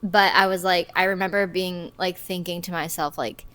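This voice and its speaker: A woman's voice: on the low side, fairly even intonation, moderate pace, fairly bright tone. A woman in her thirties co-hosting a podcast, chatting casually and giggling as she trails off mid-sentence. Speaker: podcast co-host. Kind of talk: casual chat recapping a movie.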